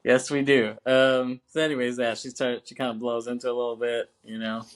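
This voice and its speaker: A man's voice: mid-range voice, flat delivery, a little fast. A man co-hosting a podcast, casually recapping a film with lots of fillers and laughs. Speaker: podcast co-host.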